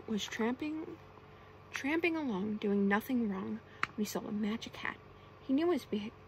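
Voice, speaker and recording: A woman reading a bedtime storybook aloud in a soft-spoken ASMR style, gentle and slow, with brief asides to the listener, close to the microphone. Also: on the high side, a little hiss or hum, rough recording.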